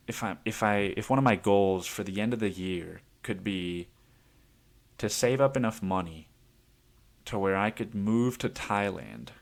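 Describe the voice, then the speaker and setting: A man hosting a solo podcast, rambling casually and swearing often with self-amused laughs. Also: on the low side. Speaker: podcast host.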